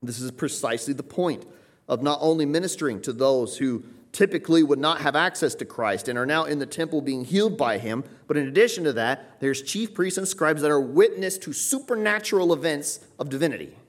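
Brisk and animated in a slightly high voice, a man works through a Bible passage in an expository sermon, pressing his points emphatically, repeating phrases and ending them with "right?".

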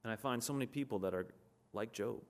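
A man's voice: medium pitch, quick pace. A man preaching a sermon in an earnest, conversational way, reading scripture aloud and explaining it.

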